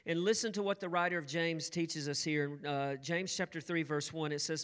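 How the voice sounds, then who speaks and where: A man's voice: a little high, fairly even intonation, moderate pace, hardly any pauses, fairly bright tone, clean tone. A man preaching a sermon, opening with an earnest prayer and then teaching through a scripture passage with repeated phrases. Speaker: pastor. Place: church service streamed online.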